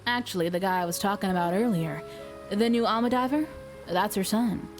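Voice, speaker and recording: Woman reading as a brisk young island diver. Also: mid-range voice, over music, lightly acted. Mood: matter-of-fact. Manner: matter-of-fact, with a light put-on accent.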